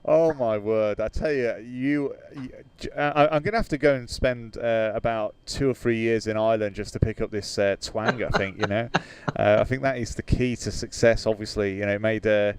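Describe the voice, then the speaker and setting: A man's voice: lowish voice, fairly even intonation, moderate pace, few pauses, a little hiss or hum. A British man hosting a flight sim livestream in casual chat, hesitant with many fillers, reading out viewer comments and laughing easily.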